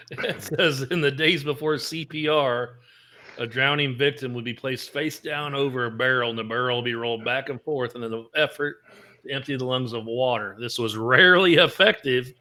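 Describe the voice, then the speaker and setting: A man's voice: mid-range voice, moderate pace, pushed and bright. A man co-hosting a casual podcast, reading out trivia and telling rambling jokes. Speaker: podcast co-host. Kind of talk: casual chat.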